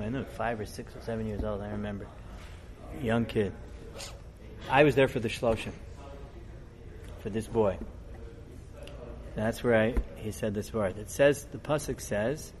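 A middle-aged man, a rabbi, giving a storytelling sermon in a conversational, digressive way that grows animated as the story builds. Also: fairly low pitch, a little hiss or hum.

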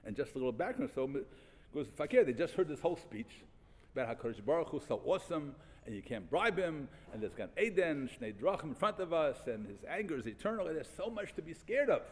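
A man teaching a Talmud class, reading passages and restating them in animated, repeated phrases. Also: fairly high pitch, fairly quick, long reverb tail. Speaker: Torah teacher.

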